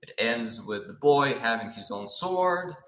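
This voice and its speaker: A man gives a live-stream lecture on storyboarding, animated and talking through a string of rhetorical questions. His voice is bright and forward. The room around him adds a noticeable echo. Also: mid-range voice, unhurried. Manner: animated, asks many rhetorical questions, uses "right?" often. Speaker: concept artist teaching storyboarding.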